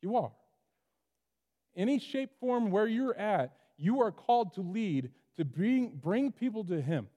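A man preaching a sermon to his church, animated, acting out the voices of the people in the story. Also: sits high, unhurried, long reverb tail. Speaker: pastor.

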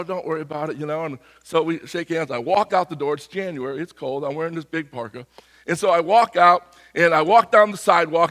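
A middle-aged man preaching a sermon, with a slightly hoarse voice and a conversational, animated way of telling stories. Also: on the high side, big-room sound. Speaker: pastor. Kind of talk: sermon with personal story.

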